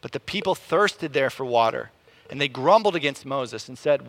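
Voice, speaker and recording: A man preaching a sermon in an animated way, often repeating words as he restarts a thought. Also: moderate pace, gravelly. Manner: animated, rises in pitch and volume to act out quotes.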